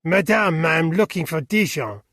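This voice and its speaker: A man's voice: sits high, normal speed, fairly bright tone, no room sound, clean studio sound. A man reading an audiobook, voicing a polite young male motorcyclist who speaks in formal, stiff phrases.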